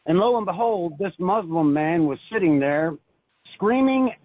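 An earnest male caller speaks through a thin, phone-like line. His voice sits a bit high and sounds slightly husky. He halts and restarts often as he tells his story. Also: expressive, no room sound. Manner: earnest, halting, many restarts. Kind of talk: phoned-in personal testimony.

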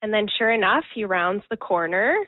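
A woman's voice: mid-range voice, normal speed, no echo. A woman telling her story in a chatty phone interview, laughing between sentences. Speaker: interviewee, family business worker. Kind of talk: phone interview, recounting an event. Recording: tinny phone line.

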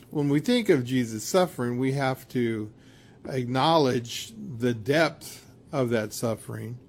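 A man preaching a sermon in a measured, reflective way, with occasional hesitations. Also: mid-range voice, darkish tone.

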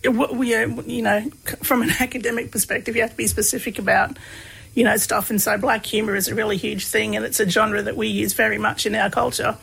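A woman speaks as an interview guest in a relaxed, storytelling manner. Her voice is gravelly and husky and sits a little high. She fills her speech with "you know" and "um" as she goes. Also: fast talker, rough recording. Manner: relaxed, many fillers, laughs while telling stories. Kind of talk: casual conversational storytelling.

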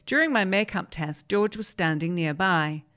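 A woman host reading a newspaper interview aloud in a measured, storytelling way. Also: fairly low pitch, animated, a bit bright. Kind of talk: reading a magazine article aloud.

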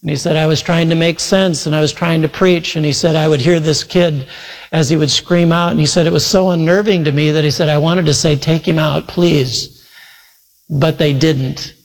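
Fairly quick and steady in tone, a man's high-leaning voice carries a sermon through long hall reverb. He tells a lengthy story in earnest, performing the quoted voices with sudden loud shouts.

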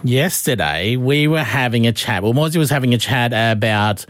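A man's voice: medium pitch, animated, moderate pace, fairly bright tone. An Australian man in his forties hosting a radio show, bantering and laughing often. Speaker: radio host.

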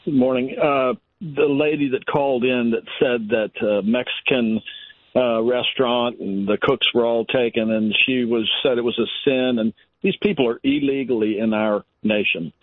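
A man's voice: medium pitch, steady tone, normal speed, dry recording. An older male caller from Virginia, giving his opinions in an emphatic, rambling way. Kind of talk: call-in radio opinion. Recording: dry phone line.

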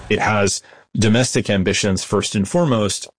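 A man explaining history at length in an interview, measured, with frequent restarts. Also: fairly low pitch, background noise. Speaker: guest historian. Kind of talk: interview answers.

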